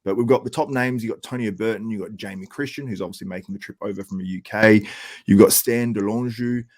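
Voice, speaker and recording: A man's voice: fairly low pitch, brisk, a little mellow, dry recording. A man hosting a laid-back panel chat, with plenty of ums, running down a list of competitors. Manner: laid-back, lots of ums, laughs often. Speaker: podcast host.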